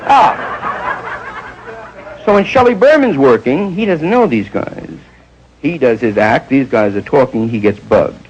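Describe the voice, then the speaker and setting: Gravelly New comic, lively pitch. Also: male voice, measured pace, long pauses, low-quality recording. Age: around 40. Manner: rambling hipster storytelling, jumps into loud character voices. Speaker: stand-up comedian. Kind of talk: stand-up routine. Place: nightclub stage before a live audience. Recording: faint hiss, old 1960s live recording.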